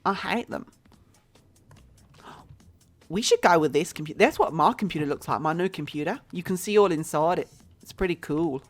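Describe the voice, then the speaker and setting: Chatty woman streamer with a lively, low voice. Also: moderate pace, long pauses, faint music behind. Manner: chatty and blunt, talks to herself while building. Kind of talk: casual gameplay commentary.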